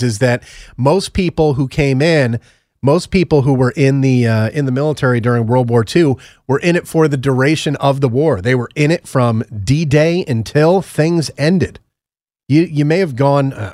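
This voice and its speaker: Man, podcast co-host, rambling storyteller, mid pitch, dry close sound. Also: darkish tone, no room sound. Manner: rambling, joking anecdotes. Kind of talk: casual chat.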